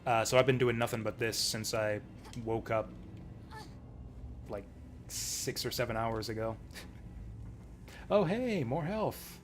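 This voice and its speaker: A male streamer chatting casually over his gameplay at a mid pitch, rambling and joking with lots of chuckles. Faint game music drifts in behind him. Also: slow pace, long pauses.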